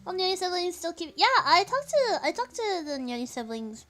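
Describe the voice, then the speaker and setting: Californian woman streamer, high and giggly, chatty, faint music under her voice. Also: sing-song, a little fast, a bit bright. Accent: Californian American. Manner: giggly, chatty, says "like" often. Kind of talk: casual live-stream chat, reading chat aloud.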